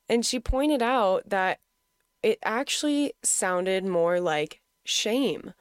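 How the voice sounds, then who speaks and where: A woman's voice: mid-range voice, expressive, takes it slowly, smooth, no room sound, clean studio sound. A young adult woman telling a personal story in a frank, casual way, swearing freely and laughing often.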